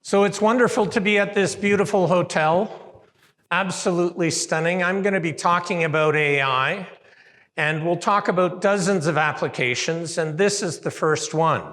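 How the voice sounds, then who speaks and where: A man from Canada giving a lively conference keynote in a large hotel hall and asking the audience questions. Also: high-pitched, moderate pace. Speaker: keynote speaker. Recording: reverberant hall.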